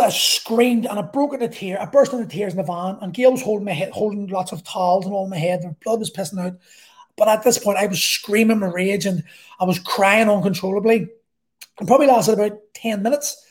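A man's voice: high voice, a little mellow. Sweary middle-aged Belfast man. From Northern Ireland. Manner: blunt, sweary, rambling. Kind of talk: personal storytelling.

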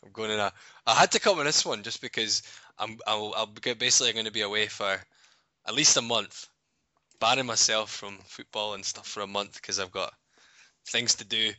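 This is a Scottish man in his twenties trading jokes on a podcast and laughing often at his own expense. His voice is very bright, and it sits dry and close. The recording is a little dull, as if lo-fi. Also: on the low side, moderate pace, no echo. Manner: laughs often, self-mocking. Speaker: podcast co-host. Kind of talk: casual banter.

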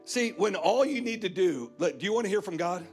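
High-pitched guy preaching hard in a church, repeats himself for punch, faint music underneath. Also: animated, a little fast, darkish tone. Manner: emphatic preaching with repeated phrases. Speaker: guest pastor. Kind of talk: sermon.

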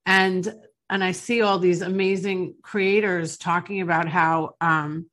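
A woman's voice: fairly low pitch, fairly even intonation, a little slow, fairly bright tone. A woman hosting a podcast, talking in a fervent, emotional and emphatic way. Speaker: podcast host. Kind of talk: casual chat.

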